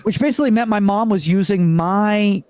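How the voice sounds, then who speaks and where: Young guy from venezuela doing standup, lots of uhs and restarts, kinda high voice, dry close mic. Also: a little mellow, clean tone, no room sound. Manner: halting, full of fillers and restarts. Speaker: stand-up comedian. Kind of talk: live stand-up set. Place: comedy club stage.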